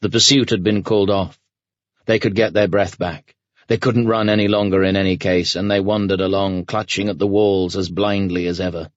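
Deep-voiced man narrating an audiobook. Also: no echo. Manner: measured, even storytelling. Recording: dry, muffled studio read.

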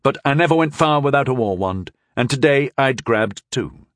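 A man's voice: medium pitch, lively intonation, normal speed, no room sound. A man narrating a first-person fantasy audiobook in a dry, wry storytelling manner.

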